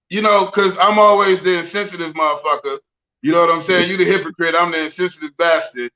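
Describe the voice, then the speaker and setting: A man hosting a podcast, talking casually and profanely, breaking into loud, ranting bits. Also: fairly high pitch, steady tone, fast, lo-fi sound. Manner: profane, boisterous, swings into loud rants. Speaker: podcast host. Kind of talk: casual chat.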